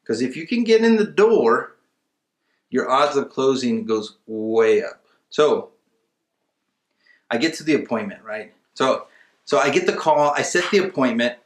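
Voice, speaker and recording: A man's voice: mid-range voice, very animated, measured pace, long pauses, reverberant. A man teaching a casual webinar, talking emphatically and acting out bits of his calls with sellers. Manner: conversational, emphatic, acts out seller dialogue. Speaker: real estate investing instructor.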